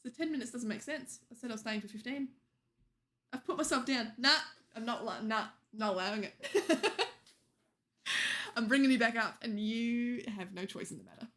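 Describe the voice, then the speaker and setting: A woman's voice: a little high, a little fast, fairly bright tone. A young woman streamer chatting casually with viewers late at night, teasing them and laughing often.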